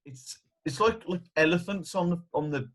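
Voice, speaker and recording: A man's voice: sits high, moderate pace, fairly bright tone. A man from England co-hosting a casual podcast, blunt and emphatic. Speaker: podcast co-host. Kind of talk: casual chat.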